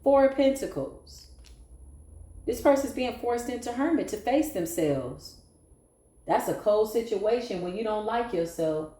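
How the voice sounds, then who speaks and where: A woman's voice: on the high side, lively intonation, a little slow, dark tone, reverberant. A woman giving a tarot reading to a collective audience, blunt, sassy and playful, with some cursing. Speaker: tarot reader.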